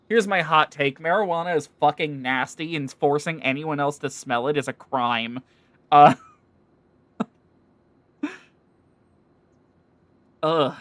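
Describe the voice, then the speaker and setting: Male streamer, casual and profane, slightly high voice, faint game music behind. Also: unhurried, long pauses, fairly bright tone, no room sound. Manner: casual, profane asides between read lines. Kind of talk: reading game dialogue aloud and chatting on stream.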